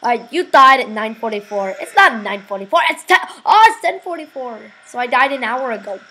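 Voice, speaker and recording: A woman giving casual, excitable let's-play commentary, swearing freely and breaking into loud sudden exclamations. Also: a little high, a little fast, husky, rough recording. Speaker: gameplay video host.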